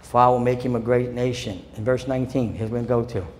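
Male pastor preaching a sermon. He is fervent and swings between loud and soft, and it is recorded in a church with a long echo and faint noise. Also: medium pitch, steady tone, quick pace. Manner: impassioned preaching that swings from loud declarations to quiet storytelling. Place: church sanctuary.

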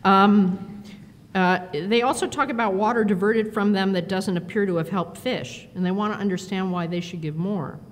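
Woman telling animated stories in a hall. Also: normal speed. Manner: animated, self-deprecating anecdotes with quoted dialogue. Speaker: conference speaker. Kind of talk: storytelling keynote speech. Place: large conference hall. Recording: reverberant hall with faint rumble.

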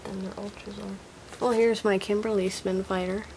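A woman's voice: medium pitch, flat delivery, moderate pace, a little mellow. A woman chatting casually and nostalgically while showing off her old toy collection at home. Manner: chatty and nostalgic, thinking aloud. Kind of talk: casual show-and-tell. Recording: noisy home recording.

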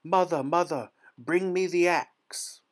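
A man's voice: on the high side, takes it slowly, voice pushed up. Man doing a cheeky young boy calling out. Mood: urgent. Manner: calling out urgently.

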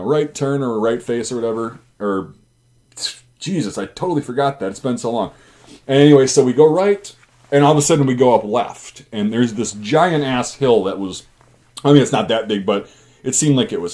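Rambling, profane man with a lowish voice. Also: a little mellow. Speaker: channel host telling army stories. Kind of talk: casual storytelling.

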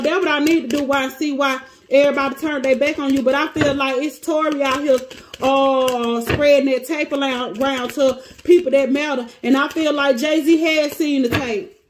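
A woman with a high voice gives a casual tarot reading, exclaiming often and breaking off mid-sentence as she thinks aloud. Clear clicking noises run behind her voice. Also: background noise. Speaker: tarot reader.

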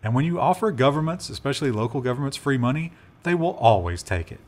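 A man co-hosting a tech news show in a loose, joking way. His pitch swings widely, rising and falling as he chats. He trails off with fillers and laughs at his own jabs. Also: expressive, fast, darkish tone. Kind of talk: casual tech news banter.

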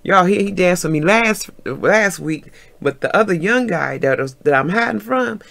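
Lively storytelling woman with a gravelly voice. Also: fairly low pitch, normal speed. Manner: lively storyteller acting out quotes, laughing often. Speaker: vlogger. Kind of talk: animated storytime.

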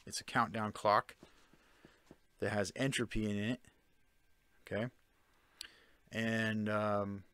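A man's voice: on the low side, fairly bright tone, dry recording. A man giving a casual spoken explanation, often checking in with the listener by asking "Okay?" and "Right?". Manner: conversational, with fillers and restarts. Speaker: self-taught commentator on ancient texts.

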